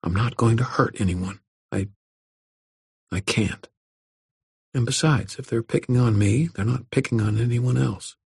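A man voicing a frightened young boy who stammers and speaks quietly in an audiobook. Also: mid-range voice, normal speed, gravelly, hardly any pauses, breathy edge, dry recording, studio quality, voice pushed up. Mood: timid. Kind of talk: audiobook character voice.

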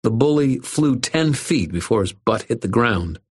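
A man narrating a first-person fantasy audiobook in a steady, measured way. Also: medium pitch, breathy edge.

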